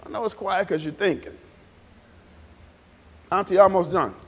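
High-voiced preacher in a reverberant hall. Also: male voice, normal speed, a little hiss or hum. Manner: animated, repetitive, conversational preaching. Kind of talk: informal sermon with congregation responses. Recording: long reverb in a church hall.

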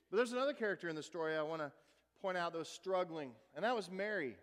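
A male pastor preaching a sermon in a conversational, folksy way, swinging between emphatic and hushed delivery. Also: on the high side, lively intonation, fast. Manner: conversational, with folksy asides and repeated words. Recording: long hall reverb.

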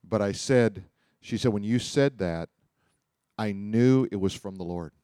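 A man's voice: on the low side, measured pace, mellow, no room sound, clean studio sound. A man preaching, telling personal stories in a loose, rambling way with frequent restarts. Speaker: pastor. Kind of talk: sermon storytelling.

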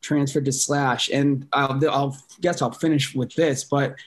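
A man's voice: medium pitch, steady tone, measured pace. A man guesting on a fan podcast, talking loosely with lots of fillers and casual swearing. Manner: filler-heavy, swears casually, laughs often.

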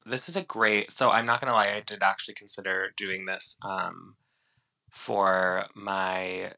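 A man's voice: low-pitched, flat delivery, a little slow, creaky, sharp tone. A man co-hosting a podcast in casual chat, rambling with lots of fillers and restarts. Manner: chatty, rambling with many fillers. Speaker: podcast co-host.

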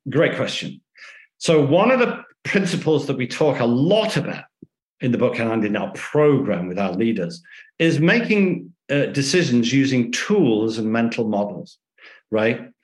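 A man being interviewed as an author, telling lively anecdotes and acting out the dialogue in them. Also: medium pitch, measured pace. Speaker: author and guest. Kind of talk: conversational storytelling interview. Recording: echoey room.

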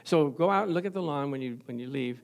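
A pastor with a higher-pitched, expressive voice preaches quickly, spinning everyday stories into his sermon. He laughs often and calls out to the congregation for amens in a call-and-response, storytelling style.

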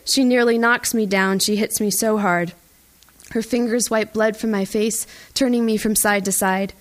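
A woman reading a first-person audiobook in a tense, even storytelling voice. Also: medium pitch, moderate pace. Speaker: audiobook narrator. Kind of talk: first-person scripted narration.

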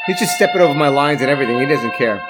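A man's voice: medium pitch, lively intonation, very fast, over loud music. A man co-hosting a podcast in casual chat, rambling and restarting his sentences, chuckling as he goes. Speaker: podcast co-host.

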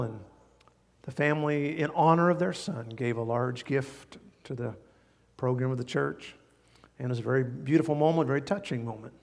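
A man preaching a sermon as pastor, animated and stretching words for emphasis. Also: medium pitch, vocal fry, big-room sound. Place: church sanctuary.

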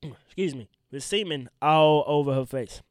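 A man's voice: on the high side, moderate pace, no echo, clean studio sound. A young man hosting his own podcast, ranting bluntly and profanely in a rambling way, a little congested from allergies. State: sick, congested from pollen. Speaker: podcast host and stand-up comedian. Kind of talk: solo podcast rant.

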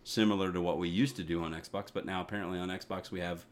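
A man's voice: low-pitched, fairly even intonation, quick pace. A man co-hosting a casual podcast, rambling about gaming news with lots of fillers and restarts. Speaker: podcast co-host.

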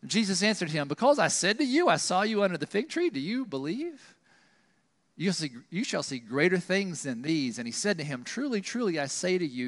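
A man preaching a sermon in a conversational, animated way, often asking the congregation questions. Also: high-pitched, in a large hall. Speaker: pastor.

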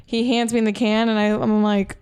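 A woman's voice: medium pitch, level tone, moderate pace, darkish tone, clean tone. A young woman talking in casual chat, chatty and quoting her own thoughts. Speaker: guest.

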